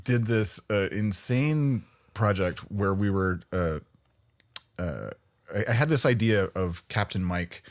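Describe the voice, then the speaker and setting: A man's voice: on the low side, expressive, slow pace. A man hosting a podcast, talking in an easygoing way and laughing often. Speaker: podcast host. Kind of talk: casual chat.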